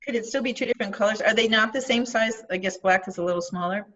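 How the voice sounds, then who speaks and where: Female classmate, tentative, thinks out loud, muffled video-call audio. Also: medium pitch, fast talker. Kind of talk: asking questions in class.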